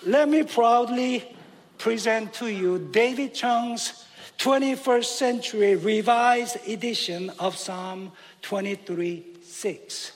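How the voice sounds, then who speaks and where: A man's voice: extremely high pitch, takes it slowly. A male pastor preaching a sermon, emphatic and joking, chuckling at his own humor. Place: church sanctuary. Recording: long church reverb.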